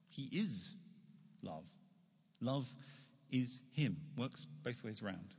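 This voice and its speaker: A man's voice: mid-range voice, animated, very slow, pauses often, a little mellow, husky. A man author giving an earnest, reflective religious talk to an audience in a hall. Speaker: speaker, author. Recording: long hall reverb.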